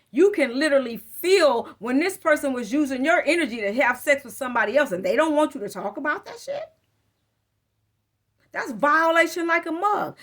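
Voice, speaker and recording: A woman's voice: high voice, a bit bright. A woman giving a casual live tarot reading into a phone, blunt, profane and fired-up as she talks to viewers. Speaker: tarot reader.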